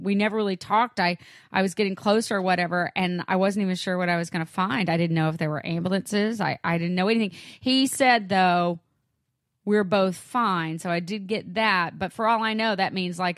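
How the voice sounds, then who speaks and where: A woman co-hosting a podcast, telling a story in casual chat, lively and acting out what she said. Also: fairly low pitch, no room sound, studio quality. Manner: lively, animated storyteller acting out her own lines. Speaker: podcast co-host.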